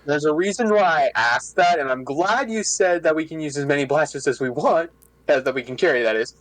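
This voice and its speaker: A man's voice: on the high side, a little fast, fairly bright tone, no echo, rough recording. An eager, chatty man who leads a young hobby club, talking at length in an online meeting. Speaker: club leader joining a meeting. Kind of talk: casual meeting talk.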